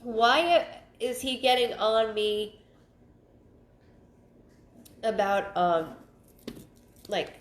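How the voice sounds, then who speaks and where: Woman psychic medium, fairly high voice, halting delivery that loops phrases, stuffed-up sound, in a roomy space. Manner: halting, repeats phrases, thinks aloud. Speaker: psychic medium giving a live reading. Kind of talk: livestream reading. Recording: roomy echo.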